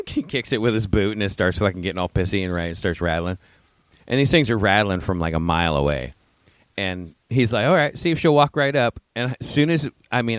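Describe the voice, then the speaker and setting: A man's voice: lowish voice, no room sound. A man co-hosting a podcast, telling casual, profane stories and acting out what people said. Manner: profane, animated storyteller acting out quotes. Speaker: podcast co-host. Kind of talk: casual storytelling chat.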